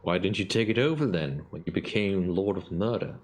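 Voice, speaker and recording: A man's voice: deep voice, animated, brisk. A man doing a blunt young bard hero. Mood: questioning. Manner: blunt, questioning. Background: game music.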